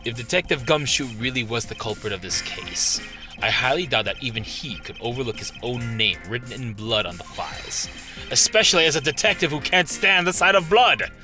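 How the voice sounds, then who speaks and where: A man's voice: medium pitch, lively intonation, over music, voice pushed down, lightly acted. A man doing a cool, haughty prosecutor. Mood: cold. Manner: measured, formal, condescending. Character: cool, haughty male prosecutor, calm and precise.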